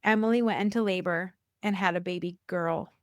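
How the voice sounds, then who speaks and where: Animated woman telling a faith story. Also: a little fast, no room sound. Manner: animated, acts out quoted dialogue with rising pitch; repeats phrases for emphasis. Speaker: podcast guest sharing a faith story; church worker. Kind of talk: personal storytelling in a podcast interview.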